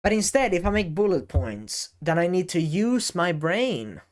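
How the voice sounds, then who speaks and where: A man talking to the camera in a casual advice vlog, often halting and correcting himself as he goes. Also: high voice, big pitch swings. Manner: halting, self-correcting, varies emphasis. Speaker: YouTube creator. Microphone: camera facing speaker.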